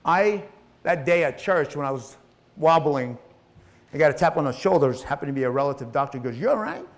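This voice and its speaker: Brisk and medium-pitched, this middle-aged motivational speaker recounts his own life with plenty of swearing. He's emotional and performs the voices of the characters he describes.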